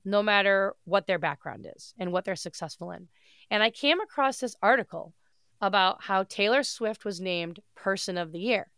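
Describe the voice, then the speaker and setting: A woman's voice: mid-range voice, a bit bright, smooth, no room sound, studio quality. Nasal-sounding woman with a head cold. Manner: upbeat, gushing, casual with mild swearing. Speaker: podcast host. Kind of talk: solo podcast monologue.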